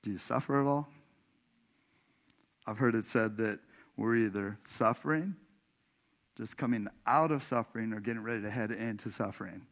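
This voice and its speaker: A pastor from Washington state preaches in a church sanctuary, his fairly low voice moving at a moderate pace with frequent pauses. He recounts a personal story conversationally, laughing a lot and speaking straight to the congregation.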